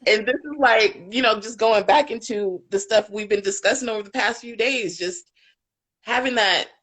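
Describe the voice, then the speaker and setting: A woman's voice: on the high side, moderate pace, a bit bright. A woman parent coach speaking candidly and with feeling in a live panel discussion, swearing freely as she talks.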